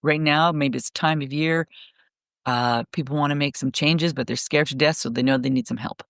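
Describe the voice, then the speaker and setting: Rambling, animated woman on a call. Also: deep voice, moderate pace, dry recording, studio quality. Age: middle-aged. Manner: rambling, animated storytelling with many restarts. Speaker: guest speaker. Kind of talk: casual podcast conversation. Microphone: remote call.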